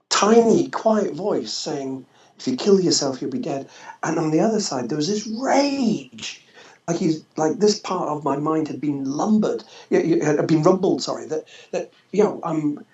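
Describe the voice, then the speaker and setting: A man, a former social worker, telling a personal story in an interview, halting and restarting often. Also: on the high side, expressive, a little mellow. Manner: halting, with frequent restarts and fillers. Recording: echoey, slightly dull podcast audio.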